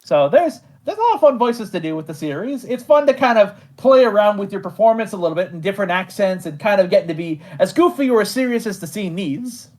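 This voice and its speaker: A man's voice: sits high, expressive, quick pace, few pauses, a little mellow. Laughing, rambling man interviewed about voice work. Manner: rambling, laughs often, self-deprecating. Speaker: creator and voice actor of an animated show. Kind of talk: casual interview chat.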